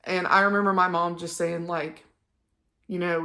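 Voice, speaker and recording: A woman's voice: lowish voice, flat delivery, normal speed, sharp tone. A young woman, talking one-on-one to her phone camera in a personal vlog, chatty and emotional with many ums. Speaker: vlogger. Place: indoors at home on a couch.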